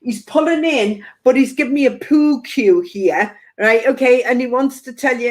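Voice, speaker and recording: A woman's voice: a little high, animated, normal speed, hardly any pauses. A woman working as a spiritual medium, giving a chatty live-stream psychic reading and passing on spirit messages with playful quoted asides.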